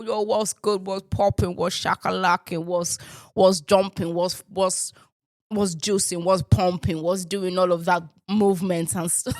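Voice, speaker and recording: Playful woman riffing, deliberately lowered voice. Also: fairly even intonation, no room sound, studio quality. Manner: playful, riffing, with bursts of profanity; deliberately lowered voice while in a male persona. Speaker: podcast host. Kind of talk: casual solo commentary.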